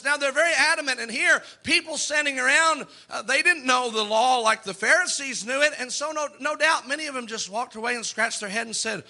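A man preaching in a church with a very high, very bright voice. He delivers his sermon with rising fervor and acts out the people he quotes. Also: normal speed. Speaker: pastor.

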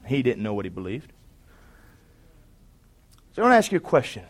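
Briskly delivering a sermon at medium pitch, a male preacher's voice swoops wildly up and down. He shifts from passionate, loud urging to soft, chatty storytelling and asks the congregation for amens.

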